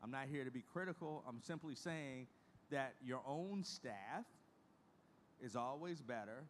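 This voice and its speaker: A man's voice: mid-range voice, expressive, measured pace, slight background noise. A middle-aged man giving a conference presentation in a folksy, emphatic way, repeating key phrases for emphasis. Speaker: conference speaker.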